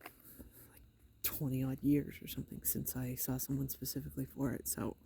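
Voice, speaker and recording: A middle-aged woman with a hoarse, sore throat, talking in a hesitant, rambling video diary with wry, matter-of-fact asides. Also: rumbling low, monotone, fairly quick, noisy background. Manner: hesitant, rambling, many fillers. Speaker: vlogger. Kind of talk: casual personal video diary.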